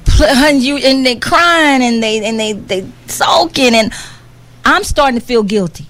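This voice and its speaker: A woman's voice: a little high, lively intonation, measured pace, fairly bright tone. A middle-aged woman talking heartfelt and earnest, often repeating herself as she searches for words. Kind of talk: heartfelt conversational talk.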